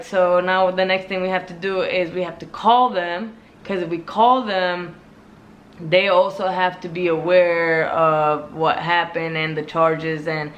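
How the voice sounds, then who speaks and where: Vlogger, mid-pitched voice, exasperated storytime rant, faint background noise. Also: highs cut off. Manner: exasperated, animated retelling with many fillers.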